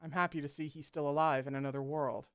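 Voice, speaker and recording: A reader voicing a calm older male cultivator who speaks in a measured way. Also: mid-range voice, clear, resonant tone, no echo, studio quality, lightly acted.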